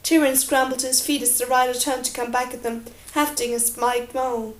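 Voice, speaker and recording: High-voiced woman reading an audiobook. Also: normal speed. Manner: steady, expressive storytelling. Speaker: audiobook reader. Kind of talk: audiobook narration. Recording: roomy echo.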